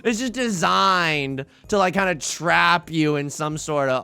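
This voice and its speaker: A man's voice: on the high side, measured pace, gravelly, sharp tone, clean tone, no echo. A man hosting a Let's Play, giving chatty, rambling gameplay commentary full of restarts and laughs. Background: faint game music.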